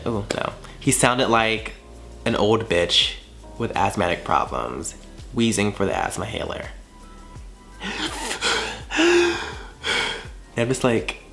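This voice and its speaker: Animated, profane young man telling a story. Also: fairly low pitch. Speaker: vlogger. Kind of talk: storytime vlog.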